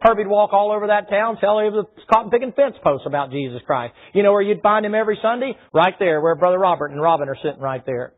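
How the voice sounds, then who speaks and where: A man preaching a sermon in a folksy style, breaking into loud shouts. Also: high-pitched, quick pace, few pauses. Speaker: pastor. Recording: tinny phone-like sound.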